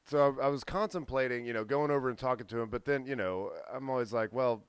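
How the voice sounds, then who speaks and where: A man's voice: mid-range voice, fast talker, very noisy. A man co-hosting a casual podcast, telling a rambling story and acting out the people in it. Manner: rambling, animated when quoting others. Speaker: podcast co-host.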